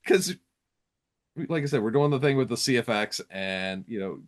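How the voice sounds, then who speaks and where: A man's voice: medium pitch, animated, normal speed. Laughing, teasing man hosting a podcast. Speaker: podcast host. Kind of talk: casual chat.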